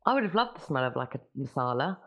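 A woman's voice: extremely low pitch, very animated, quick pace, fairly bright tone. An English woman co-hosting a podcast, chatting casually and gushing with giggles. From England. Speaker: podcast co-host. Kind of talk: casual chat. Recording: dull lo-fi audio.

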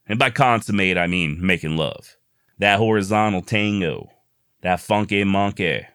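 Low-voiced folksy storyteller man. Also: fairly bright tone, dry recording, studio quality. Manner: wry, joking asides, folksy slang. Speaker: history storyteller, host.

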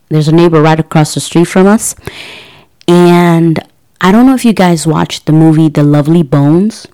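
Low-voiced woman telling a story. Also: normal speed, dark tone, clear, resonant tone. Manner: chatty, many fillers and restarts, acts out quotes. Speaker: podcast host. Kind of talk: casual storytelling.

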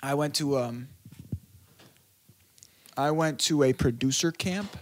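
A man telling a story as a podcast guest in casual chat, animated and full of swearing. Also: fairly high pitch, takes it slowly, slight background noise.

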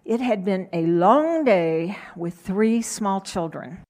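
Middle-aged woman telling a bible story, gentle, takes her time. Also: medium pitch, expressive, slow pace. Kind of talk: storytelling sermon.

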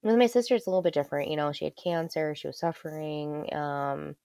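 A woman's voice: low voice, lively intonation, fast, vocal fry, dark tone, no room sound, studio quality. A woman telling a personal story in casual conversation, candid and loose, swearing freely with lots of ums. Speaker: guest.

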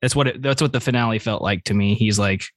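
A man's voice: fairly low pitch, fast, no echo. A man in casual podcast chat, easygoing and agreeable. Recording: dry close sound.

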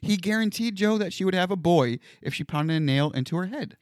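A man's voice: high-pitched, animated, a little fast, no room sound, studio quality. A man co-hosting a podcast, recounting a news story in a laid-back way and playing along with jokes. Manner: laid-back, plays along, laughs often. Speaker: podcast co-host. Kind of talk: storytelling in casual banter.

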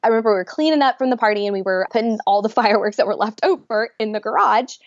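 A woman, a podcast guest, telling a story with lively acted-out quotes and frequent laughs. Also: on the high side, very fast, dry recording. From Georgia, US. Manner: animated, laughs often, acts out quotes. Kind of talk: storytelling in a casual interview. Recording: dry, dull lo-fi sound.

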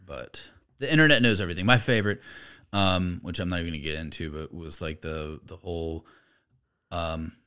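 A man co-hosting a podcast in casual chat, conversational and loose, with his voice jumping up when he gets animated. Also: low-pitched, a little fast, clear, resonant tone. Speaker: podcast co-host.

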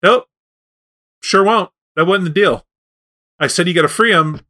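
A man's voice: high-pitched, normal speed, pushed and bright, pitched above the performer's own voice. A man voicing a cunning female spider in a spoken folk tale, curt and matter-of-fact. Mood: smug.

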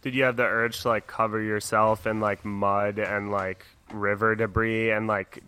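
Bright-voiced joking young man. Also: on the low side, little pitch movement, normal speed, clean tone. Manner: joking, loose, lots of "like". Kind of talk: casual chat.

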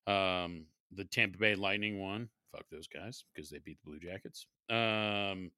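A man in his thirties chats loosely on a podcast, rambling and swearing and breaking into laughter. His voice is lowish yet bright and forward. The sound is dry and close. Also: unhurried, dry recording. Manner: rambling, profane, laughs often. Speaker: podcast co-host. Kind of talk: casual chat.

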